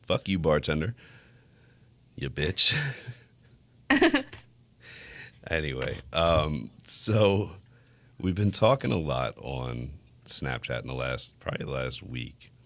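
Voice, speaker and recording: A man's voice: a bass voice, creaky, a bit bright, no room sound. A man hosting a podcast in casual chat, telling stories bluntly with lots of swearing. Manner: profane, blunt storytelling with frequent laughs. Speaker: podcast host.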